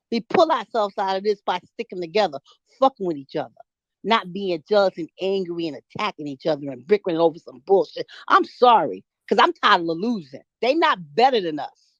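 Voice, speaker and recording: A woman's voice: mid-range voice, no room sound. Heated, profane middle-aged woman on a lo-fi call. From New York City. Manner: heated, blunt and profane, with stammered restarts. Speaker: caller in an audio chat room. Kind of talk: emotional impromptu rant. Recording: lo-fi online audio call.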